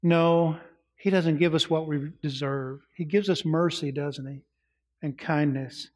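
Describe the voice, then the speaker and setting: Male pastor, slightly higher voice, sermon delivery with questions and hushed moments, reverberant hall. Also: steady tone, unhurried. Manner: asks the congregation questions, drops to soft quiet tones.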